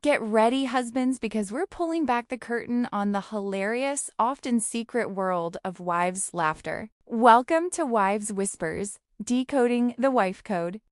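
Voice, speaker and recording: A woman's voice: fairly high pitch, dry recording. Playful woman narrator, dry sound. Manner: playful, teasing. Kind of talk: scripted humorous narration.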